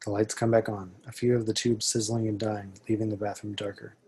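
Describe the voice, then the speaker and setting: A man reading the stage directions at an amateur table read, steady and matter-of-fact. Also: fairly low pitch, brisk, a little hiss or hum.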